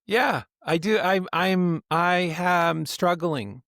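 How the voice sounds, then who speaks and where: A man's voice: sits high, slow, fairly bright tone, no room sound, studio quality. A man co-hosting a podcast, telling stories in loose rambling casual chat and laughing often. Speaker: podcast co-host.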